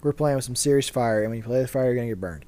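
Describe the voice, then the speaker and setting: A podcast host leads a casual faith discussion, earnestly explaining his view and answering his own rhetorical questions. His voice is mid-range and mellow, and he talks at a racing pace.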